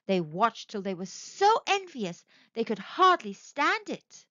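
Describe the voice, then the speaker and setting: A woman narrating a children's story aloud in an expressive, sing-song way. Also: fairly high pitch, slow, no echo, highs cut off.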